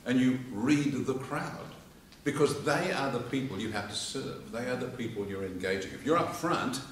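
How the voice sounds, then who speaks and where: An Australian man gives an informal lecture on public speaking, with demonstrations, before a live audience in a church hall. He's an animated storyteller who acts out quotes and laughs along, his voice medium in pitch at a normal speed. The recording is echoey and distant, with slight background noise.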